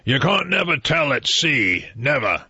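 A man's voice: fairly high pitch, sing-song, measured pace, sharp tone, husky, no echo, voice pushed up, heavily acted. A man doing a slurring drunken old prophet. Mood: drunk solemn. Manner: slurred, plaintive, solemn warnings. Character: old drunken male train passenger, gloomy prophet. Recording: dull dry audiobook recording.

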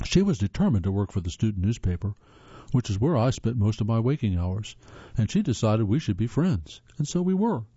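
A man's voice: fairly low pitch, very animated, brisk, warm tone, husky, no room sound. A man from the northern United States reading articles aloud as a host, earnest, with spoken asides and occasional stumbles. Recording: slightly dull lo-fi sound.

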